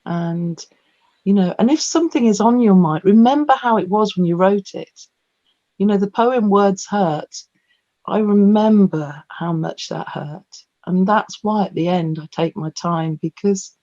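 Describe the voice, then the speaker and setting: Her medium-pitched voice moves at a measured pace, with no room sound. She's a featured poet chatting through a Q&A about performing poetry, rambling and animated as she tells stories, all over a video call with dull, lo-fi audio.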